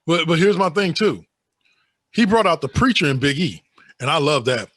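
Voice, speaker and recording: Bright-voiced emphatic podcast co-host man. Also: fairly high pitch, expressive, moderate pace, dry recording. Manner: emphatic, preachy riffs. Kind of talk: casual wrestling chat.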